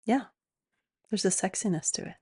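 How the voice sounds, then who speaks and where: A woman co-hosting a podcast, soft-spoken and agreeable in casual chat. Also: mid-range voice, normal speed, breathy edge, dry recording. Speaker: podcast co-host.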